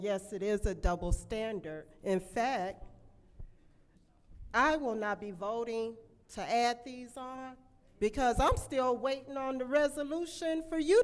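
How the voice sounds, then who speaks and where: A woman's voice: mid-range voice, big-room sound. A woman council member rebutting a colleague in a pointed, confrontational way. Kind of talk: council meeting speech. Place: council chamber.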